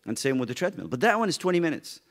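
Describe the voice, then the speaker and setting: A man teaching a youth Bible study, animated and joking as he acts out people's reactions. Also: a little high, racing.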